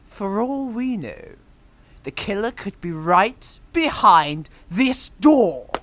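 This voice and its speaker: A woman's voice: mid-range voice, very animated, slow pace, slight background noise. A woman voicing a pompous, blunt, bumbling male detective in a comedy audio drama. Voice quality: pompous, blunt, self-important.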